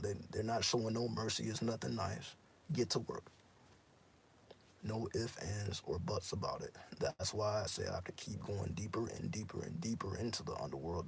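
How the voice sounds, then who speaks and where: A man's voice: fairly low pitch, vocal fry, slightly rough. A man speaking in a casual, intense monologue as a spiritual teacher, profane and repeating himself for emphasis.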